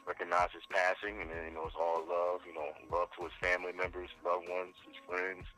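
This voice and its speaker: A man's voice: low-pitched, level tone, fairly quick, pushed and bright, soft background music, rough recording. A man from New Jersey co-hosting a podcast in loose, joking casual chat, now and then mimicking other people. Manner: loose, joking, slips into mocking voices of others. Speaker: podcast co-host.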